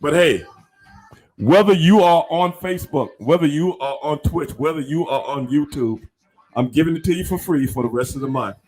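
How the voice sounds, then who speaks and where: A man's voice: on the high side, moderate pace, darkish tone, husky, faint music behind. Emphatic, slangy male podcast host. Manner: emphatic, repetitive, slangy hype talk. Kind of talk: casual interview chat.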